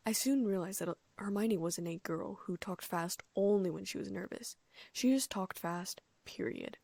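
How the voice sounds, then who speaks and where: A woman reading a first-person fan fiction audiobook in a soft, often near-whispered voice. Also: medium pitch, moderate pace, creaky, dry recording. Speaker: audiobook narrator.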